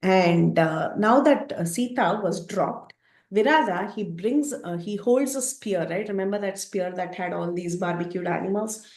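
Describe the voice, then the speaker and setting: A woman teaching by retelling an epic story in an animated way, with frequent fillers. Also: medium pitch, unhurried, reverberant. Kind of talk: storytelling lecture.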